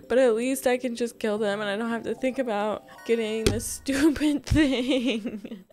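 A young woman hosting a casual let's-play, muttering in exasperation and then bursting into relieved excitement. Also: medium pitch. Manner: animated, exasperated muttering with sudden joyful outbursts. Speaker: gaming channel host.

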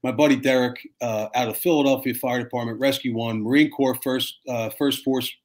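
A fire captain in his fifties telling stories in a casual, animated way, swearing freely and acting out the people in them. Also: mid-range voice, fairly quick. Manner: animated, profane, acts out voices in his stories. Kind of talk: casual storytelling chat.

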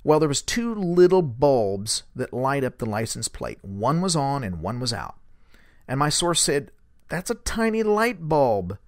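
A man's voice: medium pitch, a little slow, dry recording. Man telling a story, dry sound. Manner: relaxed and rambling, with fillers, shifting into animated quoted speech. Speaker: host recounting a source's story. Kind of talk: conversational storytelling.

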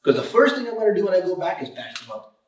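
A man's voice: high-pitched, big pitch swings, very fast. A man who runs an auto repair shop talks about his business on a podcast interview. He speaks emphatically and with animation, often saying "you know" and "literally". He is heard from a distant mic in a room with a lot of echo. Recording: roomy sound from a distant mic.

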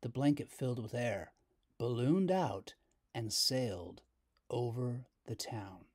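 A man reading a children's picture book aloud as storyteller, slow and expressive. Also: medium pitch, husky.

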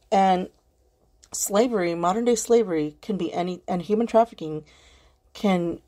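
Husky-voiced woman in rambling casual chat. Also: fairly low pitch, dark tone. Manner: rambling, swears freely, earnest. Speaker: podcast host. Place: at home at her computer.

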